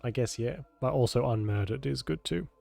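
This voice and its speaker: A man's voice: medium pitch, a little fast, gravelly, dark tone, faint music behind. A man streaming a video game, talking casually with a nasal, congested voice from a cold, joking and swearing. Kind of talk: casual gameplay commentary.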